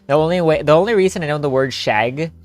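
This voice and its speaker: A man's voice: on the high side, fast talker. A young man streaming a story game with friends, joking, laughing and rambling in casual chat. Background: faint game music.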